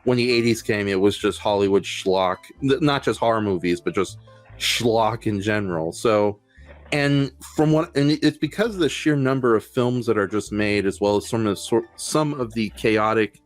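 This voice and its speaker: A man's voice: on the low side, normal speed, soft background music. A man hosting a casual film podcast, rambling with many fillers and restarts. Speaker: podcast host.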